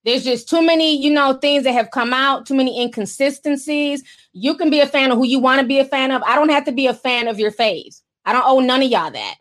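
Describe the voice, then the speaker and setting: Sassy high-voiced woman gossip host. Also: fairly quick, fairly bright tone. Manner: sassy, slangy, often laughing. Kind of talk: casual livestream commentary.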